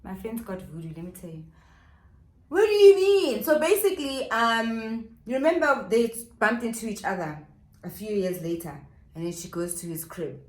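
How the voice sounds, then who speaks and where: A woman's voice: mid-range voice, lively intonation, normal speed. A woman vlogger telling a gossip story while doing her makeup at home, chatty with dramatic asides to viewers. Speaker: beauty vlogger. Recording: echoey room.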